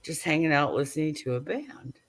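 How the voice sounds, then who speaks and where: A woman's voice: sits low, a little fast. Older woman telling stories casually. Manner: animated storyteller, acts out quotes, laughs often. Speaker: host. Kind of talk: casual chat, storytelling.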